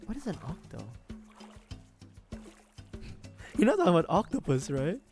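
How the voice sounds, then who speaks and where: Chatty, slightly high-voiced gamer man. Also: very animated, moderate pace, over music. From Philippines. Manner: laughs often, swears casually, rambles to chat. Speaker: livestreamer. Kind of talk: casual gaming livestream chat.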